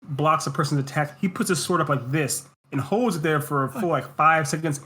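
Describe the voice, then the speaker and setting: A man's voice: on the high side, a little fast, bright, forceful tone. A man co-hosting a casual movie review podcast, joking and laughing as he mocks scenes. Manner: joking, laughing, acts out mock quotes. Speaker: podcast co-host.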